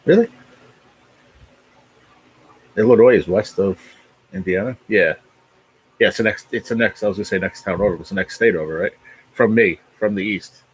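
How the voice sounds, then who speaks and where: Brisk and slightly rough, his voice leans low, and the recording itself is rough. He's a fortysomething man from New Jersey hosting a livestream, casually chatting with viewers, reading their comments, rambling, and cursing freely.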